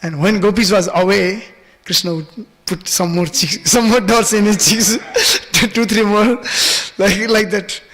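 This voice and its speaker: A man's voice: sits high, fairly even intonation, a little slow, fairly bright tone. A man giving a devotional scripture class in a temple hall, telling stories with many fillers and acting out the voices.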